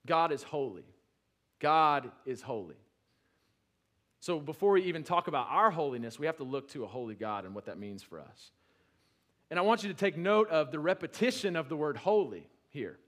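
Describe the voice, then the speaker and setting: Male pastor, slightly high voice, preaching conversationally, swells to emphatic peaks, then drops low. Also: expressive, moderate pace, a bit bright. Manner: conversational with restarts and asides. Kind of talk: sermon.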